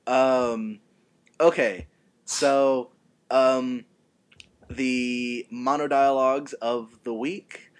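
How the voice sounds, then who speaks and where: A man's voice: mid-range voice, steady tone, drawn-out words, long pauses, smooth. A man hosting a casual podcast, introducing segments with hesitant ums. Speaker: podcast host.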